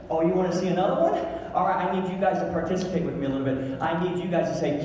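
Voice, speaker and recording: A middle-aged man giving a loud, brash motivational talk to a crowd, swearing and joking. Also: sits high, animated, quick pace, distant mic, a little hiss or hum. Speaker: motivational speaker. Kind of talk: energetic stage talk. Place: large event hall. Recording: echoey hall, mic heard from afar.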